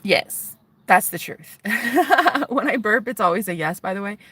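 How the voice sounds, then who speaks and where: A woman's voice: medium pitch, animated, a little slow, a bit bright, breathy edge, dry recording. A woman vlogging in a casual confessional chat, rambling and chatty with lots of fillers. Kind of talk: casual confessional vlog talk.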